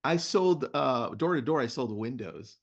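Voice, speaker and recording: A man's voice: mid-range voice, a little slow. A middle-aged man hosting a webinar, chatting casually and telling stories with animation over a video call. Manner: animated storyteller. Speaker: webinar host. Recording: muffled lo-fi web audio.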